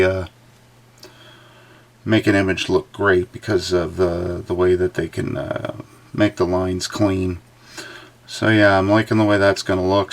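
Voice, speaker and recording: A man's voice: deep voice, creaky. A man livestreaming a drawing session, giving casual running commentary and thinking aloud with lots of fillers.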